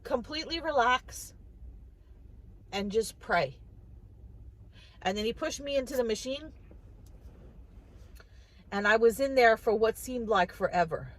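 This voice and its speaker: A woman's voice: mid-range voice, rough recording. A woman vlogger talking casually to the camera, telling a personal story in a chatty way, often repeating and restarting her words.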